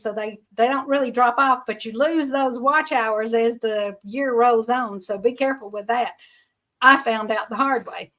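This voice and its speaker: A woman's voice: fairly high pitch, sharp tone. A middle-aged woman with a Georgia Southern accent, hosting a casual livestream, chatty and laughing often while reading viewer comments. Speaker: livestream host.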